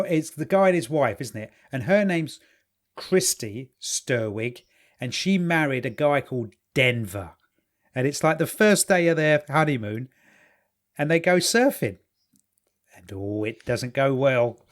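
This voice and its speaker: A man's voice: on the high side, expressive, unhurried. A man co-hosting a casual podcast, chatting loosely and swearing freely while recounting a documentary. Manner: chatty, swears freely, quotes people in little voices. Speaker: podcast co-host. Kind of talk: casual chat.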